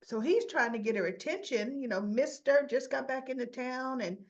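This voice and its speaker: A woman casually recapping a soap opera episode, retelling the scenes in a chatty, animated way and slipping into quick character voices. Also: high voice. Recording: slightly muffled lo-fi audio.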